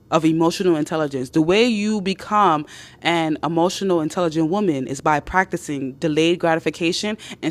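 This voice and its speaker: A woman hosting a live stream, giving casual dating advice to her viewers in an emphatic, animated way, repeating herself and swearing freely. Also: fairly low pitch.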